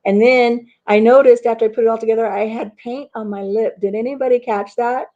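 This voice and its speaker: A chatty middle-aged woman talks straight into her webcam at home, hosting a relaxed live chat. She rambles from one story to the next and answers her viewers' comments as she goes. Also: on the high side, brisk, muffled recording. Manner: chatty and rambling, reads viewer comments aloud, laughs at her own stories. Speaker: host of a live chat stream. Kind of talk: casual live-stream chat.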